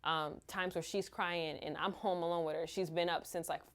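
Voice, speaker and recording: A woman, a mother, candidly telling her own story in a halting, open way full of fillers. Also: on the low side, fairly even intonation, clear, resonant tone. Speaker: mother sharing her experience.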